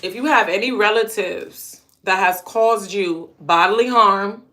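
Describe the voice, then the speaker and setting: A woman talks straight to her audience in a loose, casual storytelling monologue. Her voice is bright and forceful. She drives each point home by saying key lines two or three times. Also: mid-range voice, unhurried. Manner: emphatic, repeats phrases for punch. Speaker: channel host.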